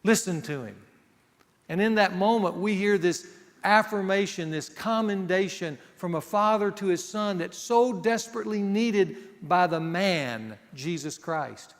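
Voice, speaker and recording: A man teaching a men's group in an earnest sermon, dropping to a hushed voice to drive points home. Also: sits high, a little slow. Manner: earnest, drops to a hushed voice for emphasis. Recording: long hall reverb.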